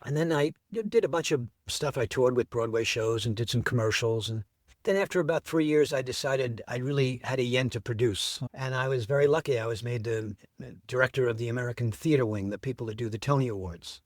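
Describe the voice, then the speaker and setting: A middle-aged man tells his story as an interview guest, carried along by eager enthusiasm. His voice sits at an average pitch for a man. The sound is dry and close, with no room echo. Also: fairly quick.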